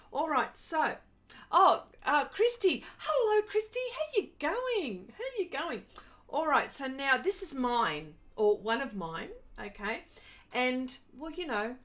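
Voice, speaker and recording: With a fairly high, fairly bright voice, an Australian woman runs an art live stream, greeting viewers by name and making casual conversation as she draws.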